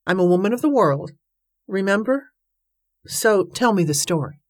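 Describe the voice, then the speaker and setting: A woman's voice: mid-range voice, animated, moderate pace, dry recording, studio quality, natural voice. A woman voicing a frank young widow who talks bluntly and wryly, in a storybook reading. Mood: teasing. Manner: blunt, wry, forthright.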